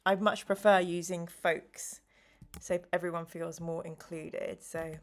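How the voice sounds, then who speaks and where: Tired, slow-talking woman streamer. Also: fairly low pitch, little pitch movement. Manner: slow, rambling, chatty with frequent ums and apologies. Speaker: live stream host running a gamebook play. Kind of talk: casual live-stream chat.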